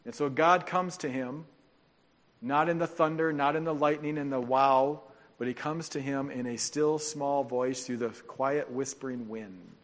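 A man preaching a sermon, telling the story in an animated way with joking asides. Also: medium pitch, a little slow. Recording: long hall reverb.

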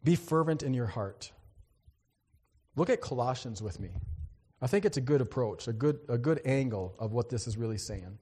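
A man's voice: mid-range voice, lively intonation, moderate pace, darkish tone, slightly rough, long reverb tail. A male pastor preaching a sermon in a church, in a conversational way with joking asides to the congregation.

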